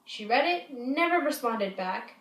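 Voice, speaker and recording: A woman with a fairly high voice rambles through a storytime full of swearing and false starts. She sits back from the mic, so her voice carries a roomy echo. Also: animated, unhurried, fairly bright tone, distant mic. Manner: rambling, profane, many restarts. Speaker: vlogger. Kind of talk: casual storytime. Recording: echoey room, voice off-mic.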